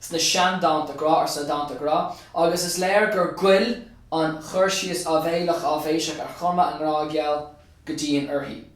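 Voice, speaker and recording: A brisk, steady-toned man with a voice on the high side is captured far from the mic in a very echoey space. The Irish teacher, also a state examiner, takes students through an exam answer step by step for revision, going back and forth between Irish and English and repeating key phrases.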